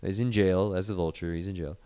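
A man's voice: deep voice, fairly even intonation, a little fast, warm tone, clean tone. A man in casual podcast chat reviewing a movie, retelling scenes animatedly and swearing freely.

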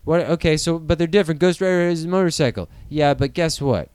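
Brief: a man, animated podcast co-host, smooth clear voice slightly high, dry close sound. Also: no echo. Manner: animated, profane, riffing with quick impressions. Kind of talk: casual chat.

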